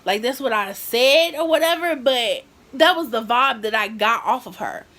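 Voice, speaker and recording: A young woman vlogger telling a high school story in a casual, animated way, acting out what people said. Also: normal speed. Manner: animated, acts out quotes.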